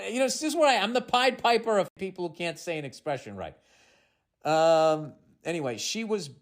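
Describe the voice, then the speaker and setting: A podcast host in his fifties with a Boston accent reads a listener's letter out loud, cutting in with sarcastic, exasperated remarks. His voice is a man's, pitched fairly high.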